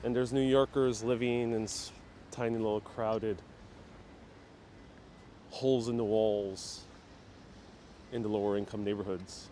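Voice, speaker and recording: A man's voice: fairly low pitch, flat delivery, a little slow, long pauses, dark tone, slight background noise. A man from New York City hosting a live walking tour outdoors, chatting with viewers and reading out and answering their comments. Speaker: walking-tour livestream host.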